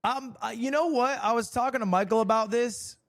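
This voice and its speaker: A man's voice: very high-pitched, fairly quick, a bit bright. A young man chatting casually on his stream, rambling and self-mocking, laughing often. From United States.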